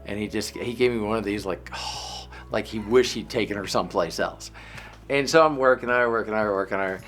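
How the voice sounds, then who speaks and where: A middle-aged man, a bodywork practitioner, telling a story in a casual, animated way, often repeating words and restarting. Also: on the low side, fast talker, faint music behind.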